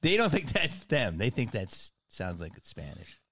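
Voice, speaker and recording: A man chats casually on a podcast, rambling from one thought to the next and laughing often. His voice sits low, and the recording is dry and close. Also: wildly swooping pitch, normal speed, gravelly, a bit bright, slightly rough, no room sound. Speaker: podcast host. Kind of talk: casual chat.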